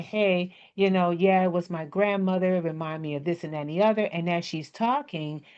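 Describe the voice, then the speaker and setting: A woman with a slight country twang teaching speaking skills in a casual, coaching way, often checking in with her listeners. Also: on the low side. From Maryland area. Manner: chatty, coaching, checks in with "okay? right?". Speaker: business speaking presenter. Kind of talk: casual workshop talk. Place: indoors at a computer. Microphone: desk microphone with webcam. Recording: dull lo-fi sound.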